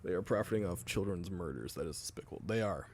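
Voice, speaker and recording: A man's voice: low-pitched, lively intonation, fast talker, a little hiss or hum. A man streamer chatting casually with his live chat, swearing now and then and laughing often. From United States.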